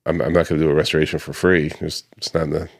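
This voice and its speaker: His voice is a rumbling low, flat in delivery and rapid-fire, as this American man from the paver restoration trade recounts a client dispute on camera. He mimics the customers he quotes, with lots of ums and restarts along the way.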